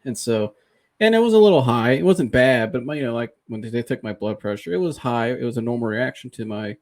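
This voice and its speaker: A man's voice: mid-range voice, animated, a little fast. Man candidly retelling a personal story. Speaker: podcast host. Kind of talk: casual conversational storytelling.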